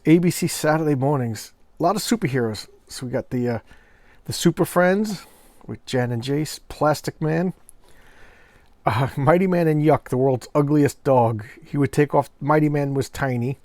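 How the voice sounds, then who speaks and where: A middle-aged man talks through an old comic book in a relaxed, meandering vlog style. He often stops to search for names and restarts his sentences. His voice sits at an ordinary pitch and is recorded dry. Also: no room sound. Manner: rambling, forgetful, with many fillers and restarts. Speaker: comic book collector and reviewer. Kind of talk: casual commentary vlog.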